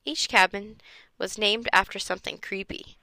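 A woman's voice: mid-range voice, fairly even intonation, moderate pace, sharp tone, no room sound. A woman reading a children's chapter book aloud and acting out the characters' voices. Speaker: reader.

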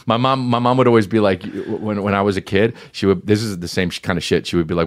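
A man in casual comedic chat, animated and swearing, riffing with exaggerated impressions. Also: on the low side, quick pace, hardly any pauses.

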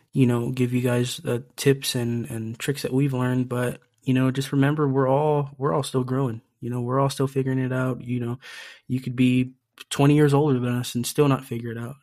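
A young man co-hosting a podcast, talking in a laid-back, halting way full of fillers. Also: mid-range voice, a little mellow. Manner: laid-back, halting, lots of "you know". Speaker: podcast co-host. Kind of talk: casual podcast chat.

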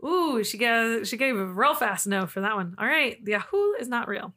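A woman's voice: a little high, big pitch swings, normal speed, sharp tone. Chatty woman podcast host. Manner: chatty, laughs often, trails off and restarts. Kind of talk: casual chat, telling cryptid stories.

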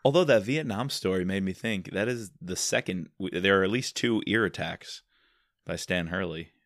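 A man with a very low voice talks through his take on a book series in a relaxed, opinionated way. The recording is dry and close-miked. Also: normal speed, no echo. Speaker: podcast host. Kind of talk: casual book discussion.

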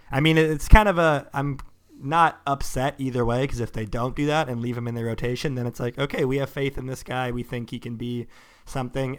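Guy hosting a sports podcast, smooth clear voice, chatty and jokey. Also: medium pitch. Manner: chatty, self-deprecating, laughs easily. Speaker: podcast host. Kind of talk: casual sports chat.

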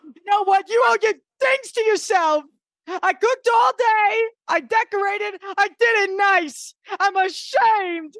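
Woman doing a shrill furious hostess. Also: takes it slowly, creaky, no room sound, full character voice. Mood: indignant, shouting. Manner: shrill, indignant, shouting.

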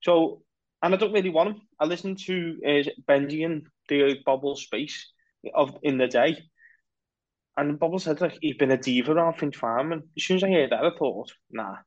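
A man co-hosting a casual football podcast, rambling through animated opinions. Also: on the high side, moderate pace, dry recording, dull audio. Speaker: podcast co-host.

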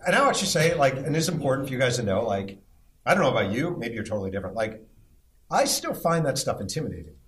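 Man, middle-aged, podcast host, animated storyteller, teasing, live audience chat. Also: mid-range voice, fast.

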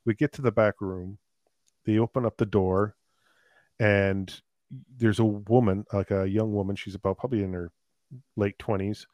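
Man, lowish voice, dry sound, casual storyteller, paramedic guest. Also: normal speed, dry recording. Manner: animated, laughing anecdotes with filler words.

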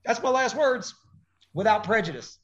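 A man speaking as a podcast guest, emphatic and animated, often acting out little exchanges as he explains. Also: high-pitched, moderate pace, highs cut off. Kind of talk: conversational interview.

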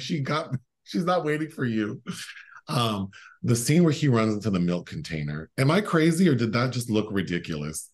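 A man co-hosting a podcast, chatting casually about a film, joking and laughing often with lots of fillers. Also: mid-range voice. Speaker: podcast co-host.

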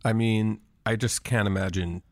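A man co-hosting a podcast, calmly explaining film history in casual chat. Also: on the low side, moderate pace, no echo, studio quality. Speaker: podcast co-host.

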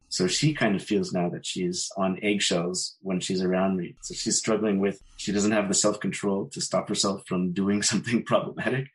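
Deep-voiced man, calm and frank. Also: poor audio. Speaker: panel guest. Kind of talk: casual storytelling in a panel discussion.

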